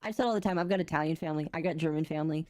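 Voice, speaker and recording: A woman's voice: sits low, very fast, a little mellow, no echo. A woman co-hosting a live reaction show, joking and making sarcastic asides to chat. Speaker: podcast co-host.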